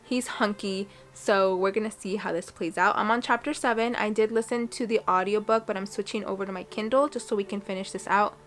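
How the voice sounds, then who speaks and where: A woman's voice: medium pitch, steady tone, quick pace, few pauses. A young woman in her twenties chatting casually on a book vlog from her reading corner at home, gushing and emotional. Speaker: book vlogger.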